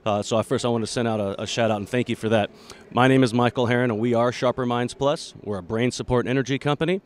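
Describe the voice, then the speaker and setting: A man who founded a company, pitching its product in an interview with earnest, halting speech full of restarts. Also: fairly even intonation, slight background noise. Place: busy expo floor.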